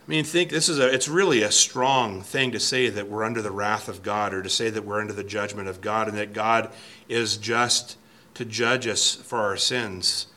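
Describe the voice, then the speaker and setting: A man's voice: lowish voice, steady tone, normal speed, pushed and bright. A man teaching through a Bible passage verse by verse, thinking aloud and reading commentary quotes. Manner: thoughtful, restarts phrases, reads quotes aloud.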